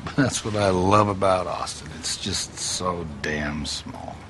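Brief: a smooth, menacing stuntman in a film scene, very low voice, noisy background. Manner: low, slow, smooth drawl. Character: scarred middle-aged male stuntman, smooth menacing flirt.

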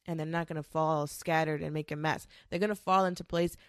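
A woman's voice: low voice, fairly even intonation, brisk, smooth, dry recording, studio quality. Sassy young woman rambling on her podcast. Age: 20s. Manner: rambling, profane, sassy, with many fillers. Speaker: podcast host. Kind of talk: casual solo podcast monologue.

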